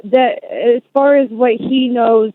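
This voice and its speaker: A woman calling in to ask a question, hesitant and pausing with ums, heard over a phone line. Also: on the high side, steady tone, no room sound. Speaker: caller.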